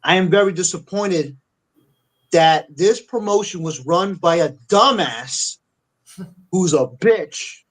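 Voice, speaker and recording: A man's voice: high-pitched, slow pace, low-quality recording. A middle-aged man on a wrestling podcast, ranting angrily and swearing freely. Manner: angry, profane ranting. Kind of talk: casual angry rant.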